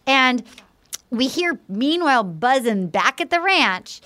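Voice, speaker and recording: A woman hosting a casual recap chat, animated and quick to act out what others said. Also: high voice. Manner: animated, quotes others in acted voices. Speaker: podcast host.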